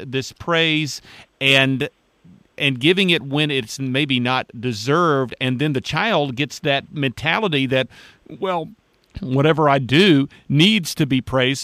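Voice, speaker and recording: A man's voice: medium pitch, a bit bright, no echo. Dry-voiced male radio host. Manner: deliberate, conversational questioning. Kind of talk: radio interview.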